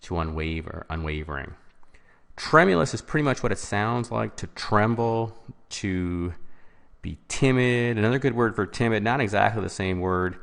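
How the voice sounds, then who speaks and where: A man's voice: lowish voice, lively intonation, normal speed, creaky, a bit bright, clear, resonant tone. A man teaching a test-prep vocabulary lesson as a voice-over, explaining step by step and stressing key words.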